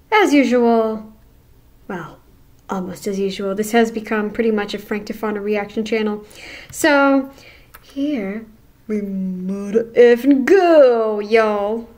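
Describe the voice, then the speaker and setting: A woman's voice: on the high side, steady tone, measured pace, long pauses. A woman hosting a reaction channel, talking back at a video with blunt, sarcastic commentary.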